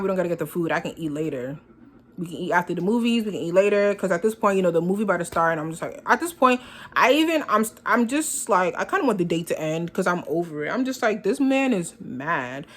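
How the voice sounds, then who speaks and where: A woman's voice: mid-range voice, expressive, a little fast, a bit bright. Sassy young woman telling a storytime. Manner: sassy, dramatic, acts out both sides of dialogue. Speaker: vlogger.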